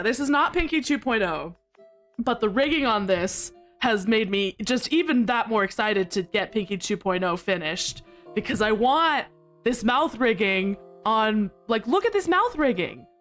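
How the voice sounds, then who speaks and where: A bubbly woman streams from home, chatting and giggling with her viewers. Her voice sits fairly high and swings up and down a lot. Soft music plays faintly behind her. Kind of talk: live-stream chat with viewers.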